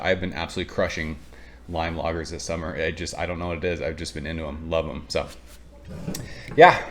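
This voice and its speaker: A man with a very low voice reviews a beer in an easygoing, chatty way. He rambles with plenty of ums and uhs, speaks bluntly, and drops the odd swear word. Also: slight background noise. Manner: rambling, blunt and profane, with frequent fillers. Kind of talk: casual chat.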